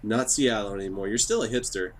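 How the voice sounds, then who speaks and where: A man from Texas hosting a podcast, hyped up, fast-talking and joking. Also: on the low side, a little hiss or hum. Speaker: podcast host. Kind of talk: casual chat.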